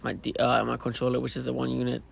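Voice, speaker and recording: A hoarse man with a gravelly, low-energy voice talks loosely about running a show. His delivery stays flat and tired, full of fillers. Faint event noise sits behind him. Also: fast talker. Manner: tired, laid-back, rambling with fillers. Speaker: DJ and show organizer. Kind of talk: casual post-show interview. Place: at a live event venue after a show.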